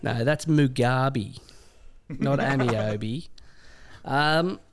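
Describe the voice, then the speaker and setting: A man's voice: mid-range voice, very slow, a crowd in the background. A man co-hosting a casual podcast, joking and chuckling often. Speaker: co-host.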